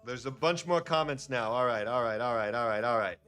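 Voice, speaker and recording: A man's voice: medium pitch, fairly quick, fairly bright tone, clean tone, soft background music. A man hosting a casual trading livestream, talking upbeat and chatty to his viewers.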